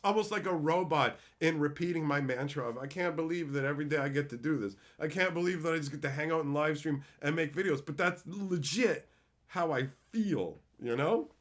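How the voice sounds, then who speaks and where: A man streaming live, reading out chat messages and telling stories in a casual, swearing, up-and-down way. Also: brisk. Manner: animated, swings between loud excited reading of chat and low reflective storytelling.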